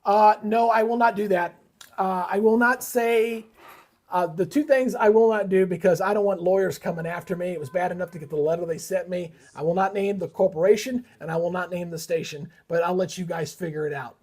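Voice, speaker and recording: A man's voice: high voice, a little fast, darkish tone. A middle-aged man hosting a live weather stream, heated and ranting, swearing often in casual commentary. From Georgia, USA. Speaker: weather livestream host.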